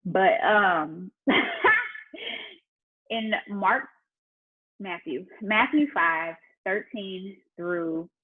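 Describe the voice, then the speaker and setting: A woman with a husky, breathy voice chats openly and warmly about faith and business, speaking straight to her followers. The audio is thin and tinny, like a phone call. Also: mid-range voice, extremely slow. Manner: chatty and faith-driven, talking straight to viewers. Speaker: entrepreneur and business mentor. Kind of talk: casual livestream Q&A chat.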